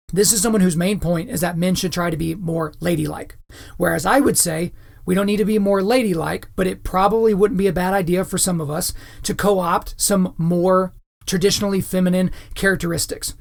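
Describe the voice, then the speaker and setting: A man's voice: high-pitched, vocal fry. A man hosting a podcast, giving opinionated commentary in a lecturing way, often checking in with his listeners. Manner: lecturing, keeps checking in with "right?" and "okay?". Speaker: podcast host.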